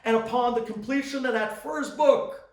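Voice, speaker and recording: A rabbi giving an inspirational talk, telling stories dramatically and swinging between loud bursts and hushed asides. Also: male voice, very high-pitched, normal speed, echoey room, recorded from a distance.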